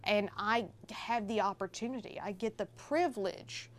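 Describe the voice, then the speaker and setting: A woman guest on a casual podcast, telling a story in a warm, animated way. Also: mid-range voice, normal speed. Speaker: film festival organizer guest.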